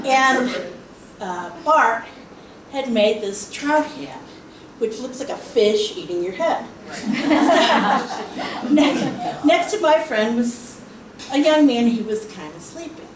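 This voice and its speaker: Chatty woman in an echoey hall. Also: a little high. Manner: chatty, laughing storyteller with fillers. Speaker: guild member speaking on charity. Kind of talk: telling stories at a meeting. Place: meeting hall. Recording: echoey hall from far off, hiss.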